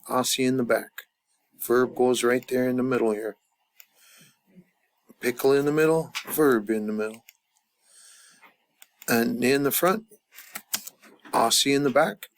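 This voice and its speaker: A man's voice: medium pitch, a little slow, pauses often. A man teaching a grammar lesson at a chart, thinking aloud with many fillers and restarts. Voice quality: gravelly. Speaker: language teacher.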